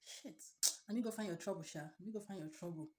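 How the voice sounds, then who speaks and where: A woman's voice: lowish voice, fast, warm tone. A woman from Nigeria with a Nigerian accent, ranting dramatically and repeating herself in a vlog at home. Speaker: vlogger. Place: home, indoors by the washing machine. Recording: echoey room, mic far off.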